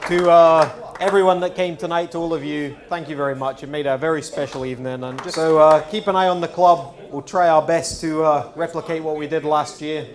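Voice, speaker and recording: A man's voice: a little high, fairly even intonation, brisk, hardly any pauses. A man, the club chairman, giving an informal closing thank-you speech with many fillers. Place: hotel function room at a dinner.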